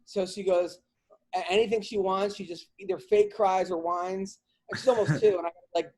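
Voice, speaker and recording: Man, podcast host, comedian, high-pitched, casual rambling venting, comic delivery. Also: a little fast. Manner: animated, rambling comic venting with many restarts.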